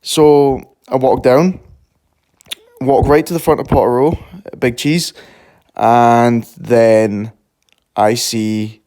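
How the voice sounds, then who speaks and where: A young man, a fitness coach vlogging casually to camera, excitable and swearing freely as he rambles through his stories. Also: medium pitch, smooth, no room sound. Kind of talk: casual vlog talk to camera.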